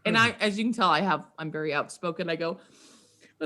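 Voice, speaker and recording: A woman guest on a podcast, telling stories in a lively, chatty way, laughing often and acting out quotes. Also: on the low side, normal speed. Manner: animated, laughs often, acts out quoted voices. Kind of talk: casual storytelling chat.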